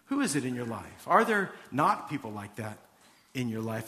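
A man's voice: on the high side, fairly bright tone. A man preaching a conversational sermon, reading scripture and asking his listeners questions. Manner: conversational Bible teaching with rhetorical questions. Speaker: pastor.

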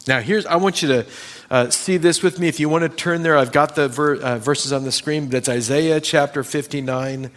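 A man preaching a sermon as pastor, emphatic and deliberate, acting out Bible scenes with dramatic pauses. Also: fairly high pitch, fairly bright tone. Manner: emphatic, acts out Bible scenes in changing voices.

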